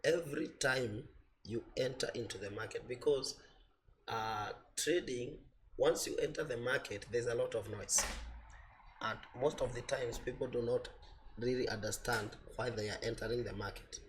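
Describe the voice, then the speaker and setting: A man teaching an online trading class, explaining slowly with repetition and fillers, his voice a little off from a cold. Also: mid-range voice, slight background noise. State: voice slightly off from a cold. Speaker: forex trading instructor.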